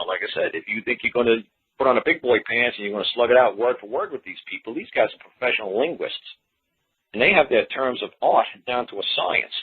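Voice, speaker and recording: A man's voice: mid-range voice, slightly rough. A man hosting a talk show, explaining things in a blunt, folksy, rambling way. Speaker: show host. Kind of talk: call-in talk monologue. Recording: tinny phone-line sound.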